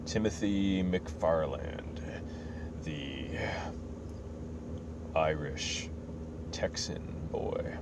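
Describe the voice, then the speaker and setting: On a slightly dull recording with faint noise, a male podcast host recaps a story in a casual, rambling way, correcting himself as he goes. His low voice has lively intonation, and he talks extremely slowly with frequent pauses.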